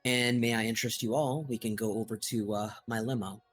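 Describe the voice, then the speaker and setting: A man playing a tabletop game, speaking in character in a formal, halting way with many pauses. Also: lowish voice, steady tone, slightly rough, dry recording, soft background music, poor audio. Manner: formal and slow, many hesitations. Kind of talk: in-character roleplay speech.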